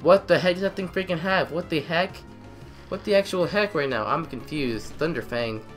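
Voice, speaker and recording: A young man giving excitable let's-play commentary, trash-talking the game and repeating phrases in quick bursts. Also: fairly high pitch, faint music behind. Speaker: gamer.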